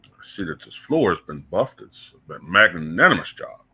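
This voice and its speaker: A man voicing a stiff, formal male job applicant who talks slowly, lower and overly proper. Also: sing-song, pushed and bright, breathy edge, heavily acted.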